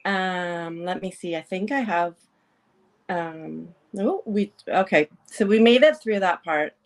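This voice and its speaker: Speaking slowly in a voice on the low side, a woman runs a casual talk show as its podcast host. She teases playfully and laughs often between lines.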